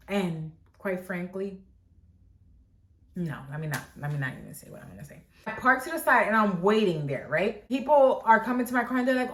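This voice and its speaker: A woman vlogger telling a story in a casual, animated way, filling it with "like" and acting out quotes. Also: medium pitch, fairly quick. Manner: animated, lots of "like", acts out quotes. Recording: echoey room.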